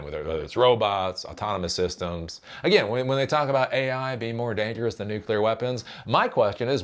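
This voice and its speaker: A man hosting a tech commentary channel, ranting sarcastically and with profanity and often repeating himself with a rhetorical "right?". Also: on the low side.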